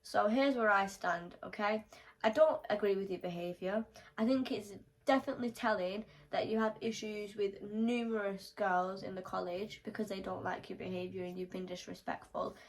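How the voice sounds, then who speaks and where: A young woman telling a storytime vlog, animated and swearing freely as she acts out the quotes. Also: mid-range voice, normal speed, poor audio.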